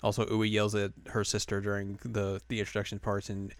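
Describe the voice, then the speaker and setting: A man's voice: lowish voice, completely flat delivery, a little fast, no room sound. A man hosting a podcast, recapping an episode in a rambling, casual way with lots of fillers. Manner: rambling, filler-heavy, laughs often. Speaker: podcast host.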